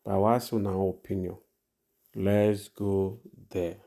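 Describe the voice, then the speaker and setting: A man in Nigerian Pidgin with a low, dark, gravelly voice. He speaks straight to his viewers and asks them to comment. His tone is casual and direct. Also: flat delivery, unhurried, a little hiss or hum. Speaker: video host. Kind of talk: casual introduction.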